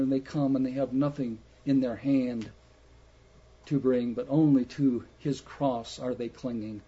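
A man preaching a sermon slowly and emphatically, putting rhetorical questions to his listeners. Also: mid-range voice, mellow, husky. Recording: muffled lo-fi recording.

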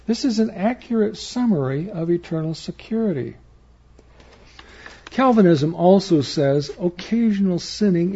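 A man preaching a slow, measured sermon in an earnest, emphatic manner. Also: fairly high pitch, dark tone, husky. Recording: dull lo-fi recording.

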